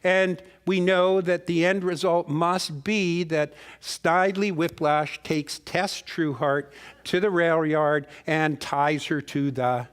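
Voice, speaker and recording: A man's voice: a little high, slow, a bit bright, smooth. A man giving a guest sermon as a folksy, rambling storyteller, restarting words and putting questions straight to his congregation. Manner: talks directly to the congregation with questions. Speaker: guest minister. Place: spiritual center sanctuary.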